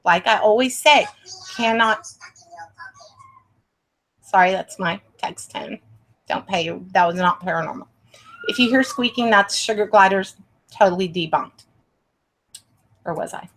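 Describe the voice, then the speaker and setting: A woman's voice: medium pitch, unhurried, pauses often, a bit bright. A woman hosting a paranormal livestream from her home setup, chatty and easily sidetracked as she reads names from the chat.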